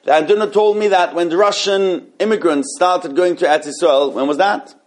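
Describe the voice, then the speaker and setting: A man leads a relaxed Torah class. His voice sits a little high, and he talks animatedly, often restarting mid-sentence. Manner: animated, halting with many restarts.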